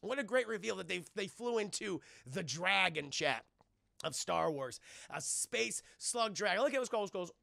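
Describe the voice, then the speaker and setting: A male streamer gives a casual, profane film breakdown, talking straight to his chat. His voice sits high and is heavily gravelly, with a bright, forward tone. The sound is dry and close. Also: moderate pace, no echo. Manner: animated, profane, addresses chat.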